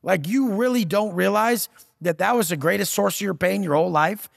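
A man's voice: high voice, brisk, creaky, dry recording, clean studio sound, in a large hall. A man giving a profane, aggressive motivational rant as a podcast guest, taunting and blunt.

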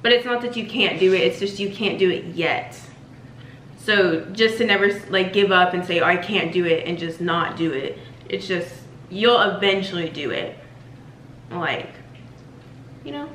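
A woman's voice: fairly low pitch, normal speed, fairly bright tone. A teenage girl, the daughter, talking casually and rambling with lots of fillers. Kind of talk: casual family chat. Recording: echoey room with faint noise.

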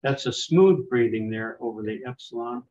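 A man's voice: mid-range voice, moderate pace, mellow, slight background noise. A man leading a small class in biblical Greek, patiently explaining and pronouncing words for students to repeat. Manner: patient, explains with fillers and restarts. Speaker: Greek teacher. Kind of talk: classroom teaching. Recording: dull lo-fi classroom recording.

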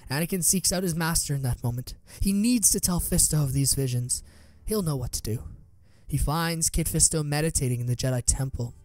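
A man's voice: fairly high pitch, brisk, a little mellow, no room sound. A man narrating a scripted fan story in a dramatic way.

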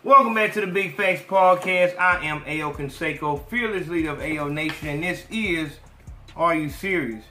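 A man's voice: fairly high pitch, normal speed, pushed and bright, roomy sound, faint music behind. A man hosting a podcast in a loose, profane, direct monologue. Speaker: podcast host. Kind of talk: casual monologue.

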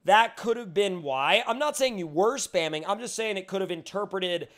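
Chatty high-voiced male game streamer. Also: expressive, normal speed, a bit bright. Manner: chatty, reads chat aloud, many fillers. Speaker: gaming livestreamer. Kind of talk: casual live gameplay commentary.

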